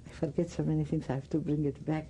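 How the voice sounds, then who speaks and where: An older woman with a Greek accent, giving oral history testimony in halting speech, often searching for words. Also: deep voice, little pitch movement, warm tone, a little hiss or hum, low-quality recording. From Greece. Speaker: interviewee.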